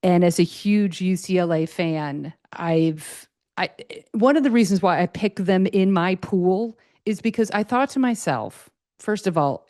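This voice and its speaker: Chatty middle-aged woman podcaster, low voice. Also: no echo, studio quality. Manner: chatty, excitable, full of fillers and restarts. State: a little choked up, tired. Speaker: podcast host. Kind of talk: casual solo podcast chat.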